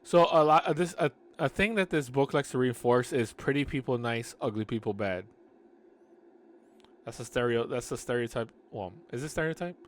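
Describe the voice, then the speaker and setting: A man reads a book aloud in a casual, unpolished way, stopping often for sarcastic commentary. His voice is mid-pitched and ordinary. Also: moderate pace. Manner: sarcastic asides, frequent restarts. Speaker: audiobook reader and commentator.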